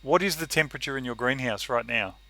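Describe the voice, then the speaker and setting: Aussie bloke rambling away on a video call, bright kinda voice, keeps cutting himself off. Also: male voice, medium pitch, fast, gravelly, dry recording. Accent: Australian. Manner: chatty, rambling, self-interrupting. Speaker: co-host. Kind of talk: casual live-stream chat.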